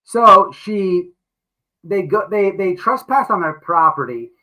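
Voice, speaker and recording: An excitable man hosting a show, tossing out crude, exclaiming remarks as he reacts to clips. His voice is bright and forceful and sits a little high. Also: slow, rough recording. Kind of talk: casual profane commentary.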